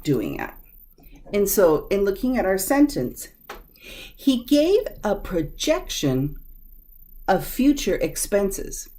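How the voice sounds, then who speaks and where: A woman teaching a vocabulary lesson, sounding out words slowly and carefully. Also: fairly low pitch, a little mellow. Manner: slow, careful over-enunciation of words.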